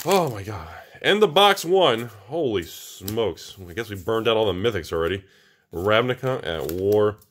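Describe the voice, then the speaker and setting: A man hosting a casual vlog, joking and getting excited as he opens card packs, calling his viewers folks. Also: lowish voice, a little hiss or hum. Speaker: channel host opening card packs.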